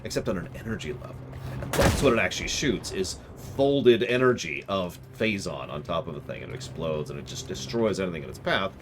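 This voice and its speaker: A man's voice: low voice, expressive, fairly quick, noisy background. A man streaming a video game, rambling and joking about game lore in casual chat.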